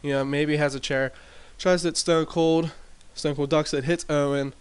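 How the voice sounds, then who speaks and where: A man casually recapping his wrestling sim game in a rambling way, with lots of fillers and restarts, talking into a desk mic turned up loud. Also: on the high side, fairly even intonation, moderate pace, clean tone. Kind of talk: casual commentary over gameplay. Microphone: desk mic with boosted gain.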